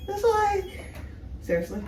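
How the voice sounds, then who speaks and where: At a measured pace, a young woman vlogger chats casually at home while passing through different rooms. Heavy noise sits behind her animated, self-mocking banter, and her voice swoops high when she's teasing.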